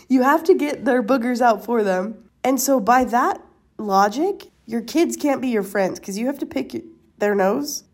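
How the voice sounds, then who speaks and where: Young woman, podcast co-host, mellow and rambling, self-deprecating. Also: on the high side, expressive, a little slow. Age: young adult. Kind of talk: casual chat.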